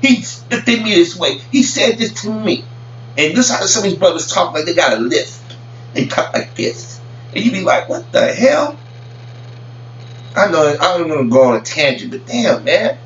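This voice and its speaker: A man vlogs about celebrity news in a loose, rambling rant to camera, stammering and repeating words a lot. His voice is slightly high, expressive, brisk and a touch bright. The lo-fi recording sounds roomy, distant and dull, with a faint hum.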